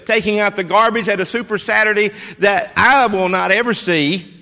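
High-voiced preacher in a reverberant church. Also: male voice. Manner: emphatic, rhetorical questions to the congregation, swings from loud to hushed. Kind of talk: sermon. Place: church sanctuary.

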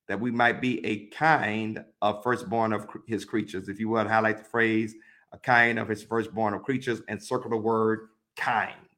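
A man teaching a Bible study, reading verses aloud and methodically telling listeners which words to underline and highlight. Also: a bit bright. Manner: methodical, repeats instructions to mark the text; reads scripture aloud then pauses to direct.

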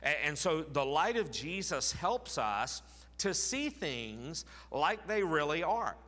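Bright-voiced pastor preaching in a hall. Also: male voice, on the high side, sing-song, slow pace. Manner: conversational preaching with fillers, asks the congregation questions. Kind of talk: sermon.

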